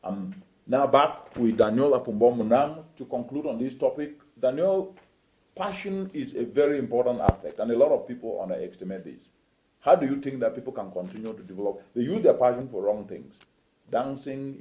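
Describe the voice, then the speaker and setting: A man's voice: mid-range voice, dark tone, echoey room, highs cut off, slight background noise. A man hosting a motivational interview show, speaking emphatically and preachily, with rhetorical questions. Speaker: host.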